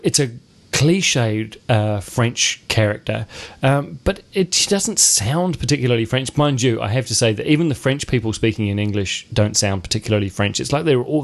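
A man hosting a casual film review chat, wry and rambling, with frequent restarts. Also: mid-range voice. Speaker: film review show host.

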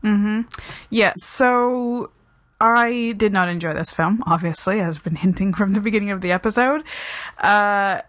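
A woman co-hosting a casual film review chat, her voice mid-pitched and recorded close and dry with no room sound. She talks frankly and chattily, peppering her opinions with "like" and ums. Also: a little slow, a bit bright, no echo. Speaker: film review podcast co-host.

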